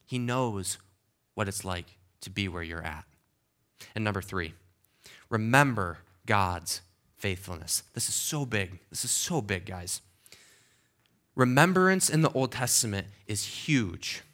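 A man's voice: fairly low pitch, lively intonation, a little slow, long pauses, fairly bright tone. A man preaching a sermon as pastor in a church, conversational and emphatic, often checking in with the congregation. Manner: conversational, emphatic, with frequent okays and restarts.

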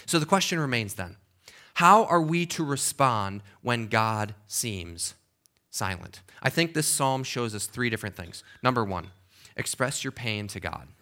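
A man's voice: medium pitch, animated, measured pace, bright, forceful tone. A man preaching a sermon as pastor in a church, conversational and emphatic, often checking in with the congregation. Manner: conversational, emphatic, with frequent okays and restarts.

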